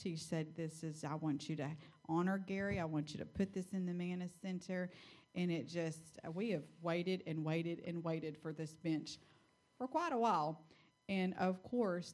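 A woman's voice: on the low side, a little mellow. Chatty woman giving church testimony. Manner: chatty, quick storytelling. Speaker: church member telling a story. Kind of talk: personal testimony.

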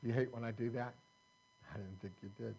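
A man's voice: mid-range voice, steady tone, brisk, creaky, mellow, husky, dull audio. A man pastor preaching a sermon in a folksy, conversational way, quoting scripture to his congregation. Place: church sanctuary.

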